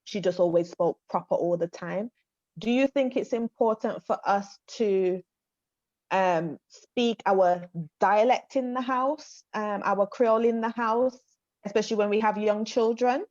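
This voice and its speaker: A woman from Montserrat hosting an online panel discussion, speaking in a measured, agreeable way. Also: medium pitch, darkish tone, dry recording. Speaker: panel host. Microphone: video call. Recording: dull lo-fi video call audio.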